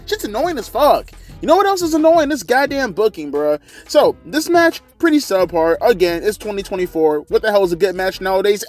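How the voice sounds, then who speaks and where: A man's voice: extremely high pitch, big pitch swings, fairly quick, soft background music. A man in his thirties giving a profane, ranting review of a wrestling show from his living room. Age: 30s. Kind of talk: ranting casual commentary.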